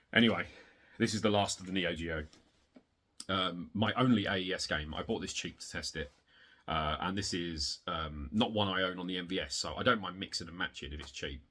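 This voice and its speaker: A man showing off his retro game collection in a casual, rambling way, excitable and swearing, getting worked up in rants, hot and sweaty. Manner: excitable, swearing, rants with big pitch jumps. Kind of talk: casual rambling show-and-tell.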